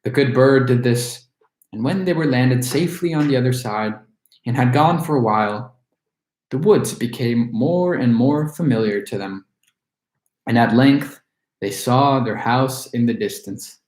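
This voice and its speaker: A man reading a fairy tale aloud as a storyteller, in an expressive way. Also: mid-range voice, a little slow. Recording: roomy echo.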